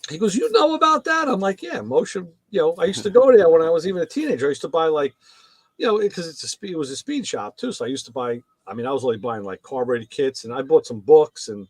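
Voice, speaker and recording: A middle-aged man co-hosting a casual chat, telling stories in an animated way and acting out the dialogue. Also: a little high, fast, no room sound. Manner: animated storyteller, acts out dialogue. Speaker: co-host. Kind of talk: casual car-hobby chat.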